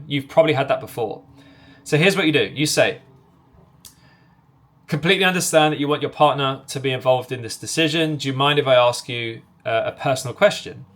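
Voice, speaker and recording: A man coaching salespeople, talking directly to the viewer and acting out both sides of sales calls in quick back-and-forth. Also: medium pitch, a bit bright. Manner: direct, commanding delivery. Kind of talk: instructional talk to camera.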